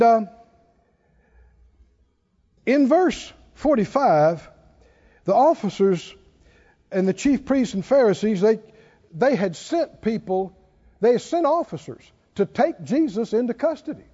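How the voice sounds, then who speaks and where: Male preacher, very high and lively voice, slow deliberate delivery, dull sound with long hall reverb. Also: husky. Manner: preaching with laughs and rising exhortation. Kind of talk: sermon.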